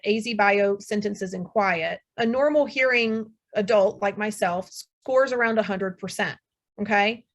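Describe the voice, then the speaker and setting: A woman's voice: medium pitch, a bit bright. A middle-aged woman audiologist giving a webinar presentation, explaining steadily and reassuringly with frequent ums. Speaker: audiologist lecturer. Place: room with air conditioner hum.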